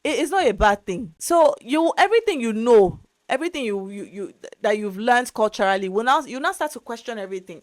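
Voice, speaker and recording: A young adult woman from Nigeria with a Nigerian accent, giving animated, emphatic advice in a casual vlog monologue. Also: on the high side, fairly quick. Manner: animated, emphatic, repeats words for stress. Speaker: vlogger.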